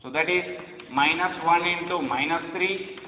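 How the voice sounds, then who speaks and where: A man with a fairly high voice teaches a math lesson. He reads out numbers one at a time and works through each step slowly. The sound is thin and phone-like, with a long, roomy echo. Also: a little hiss or hum. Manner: slow, step-by-step, reading out numbers. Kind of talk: recorded lecture working through examples. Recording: tinny, echoey, reverberant hall sound.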